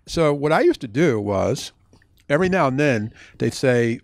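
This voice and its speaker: A man who was once a police officer talks through his book, spinning stories in an animated way and circling back on himself. His voice sits at an ordinary pitch, and the sound is close and dry with no room echo. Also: normal speed. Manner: animated storytelling with frequent restarts. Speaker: author and former police officer. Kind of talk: book talk Q&A.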